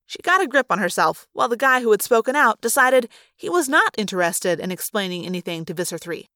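A woman narrating a fan-read audiobook, telling the story in an expressive, dramatic way. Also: medium pitch, a little fast, hardly any pauses, no echo, studio quality. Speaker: audiobook reader.

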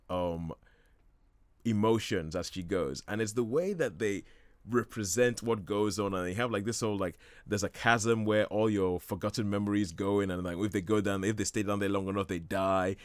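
A man's voice: on the low side, a little fast, no room sound. A man talking casually and enthusiastically about a film as a radio show regular, rambling with many restarts and laughs. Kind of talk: casual chat.

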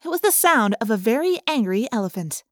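A woman narrating a children's audiobook in a playful, expressive storytelling manner. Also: a little high, brisk, dry recording, clean studio sound.

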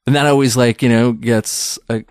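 Rambling thirty-something comedian, dry sound. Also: male voice, medium pitch, steady tone, a little fast, no room sound. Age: 30s. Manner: rambling, self-deprecating, many restarts. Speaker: stand-up comedian guest. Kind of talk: casual interview chat.

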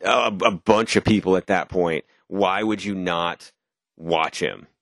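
Deep-voiced man with blunt, sardonic takes. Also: measured pace, vocal fry, a bit bright, no echo. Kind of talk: casual movie review chat.

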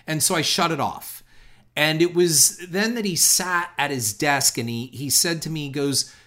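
A man's voice: a little high, moderate pace, bright, forceful tone. A middle-aged man hosting a podcast, telling a long personal story in a reflective, rambling way with frequent restarts. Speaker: podcast host.

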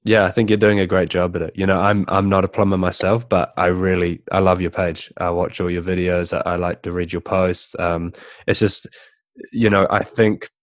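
Podcast host, male, deep and monotone, earnest and casual. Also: moderate pace, no room sound, studio quality. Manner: earnest, repeats words when starting sentences. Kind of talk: casual interview chat and outro.

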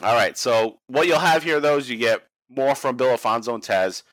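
A man's voice: mid-range voice, animated, normal speed, a bit bright, dry recording. A man hosting a podcast in casual chat, laid-back and crude with jokes. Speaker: podcast host.

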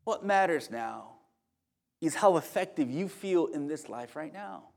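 A male pastor preaching a sermon in an animated, conversational storytelling manner with humorous asides. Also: a little high, unhurried, creaky.

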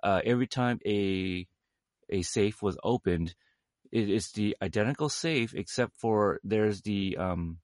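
Low-voiced man chatting about films. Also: a little mellow, no echo, clean studio sound. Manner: halting, many fillers and restarts. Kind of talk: casual film discussion.

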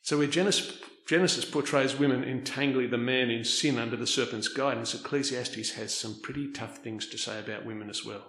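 A man preaching a sermon, swinging between loud, stressed points and quiet, soft asides. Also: medium pitch, steady tone, brisk, roomy sound.

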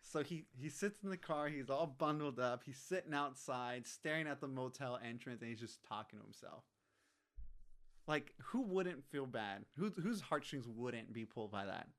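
A relaxed man with a mid-range voice talks through a film with a friend. He drops casual swears and lays out his own theories about the characters. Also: medium pitch, moderate pace. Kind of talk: casual movie discussion.

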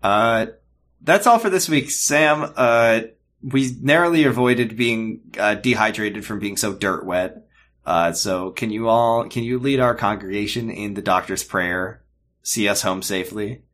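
A man's voice: lowish voice, unhurried, a bit bright. A man co-hosting a podcast in casual chat, joking and rambling with fillers. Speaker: podcast co-host.

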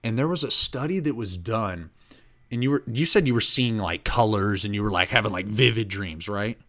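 Rambling, animated male podcast host. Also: on the low side, moderate pace. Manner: rambling, animated, heavy use of "like". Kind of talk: casual storytelling chat.

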